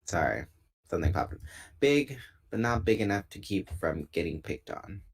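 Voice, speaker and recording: Low-voiced man reading a novel aloud. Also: normal speed, breathy edge. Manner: relaxed, unpolished reading with small self-corrections. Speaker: book reader.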